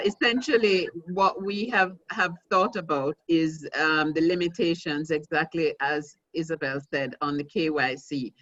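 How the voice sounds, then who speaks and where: A woman who is an organization president, giving measured, careful remarks on a webinar panel over a video call. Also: low voice, fairly bright tone, no room sound. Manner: measured, careful official phrasing. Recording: dull dry video call audio.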